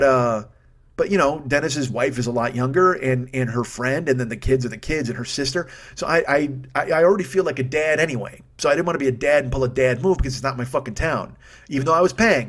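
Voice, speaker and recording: A fast-talking man in his fifties spins a long comic story, swearing freely and tripping over his own restarts. His voice sits at an ordinary pitch and swings from quiet asides to loud ranting. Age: 50s. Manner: profane, rambling, self-interrupting with restarts, swings into loud rants. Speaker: podcast host. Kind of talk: comedic storytelling monologue.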